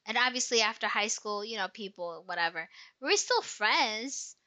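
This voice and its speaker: Bright, rambling young woman. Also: a little high, animated, moderate pace. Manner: rambling, emotional storytelling with many fillers. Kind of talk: casual chat.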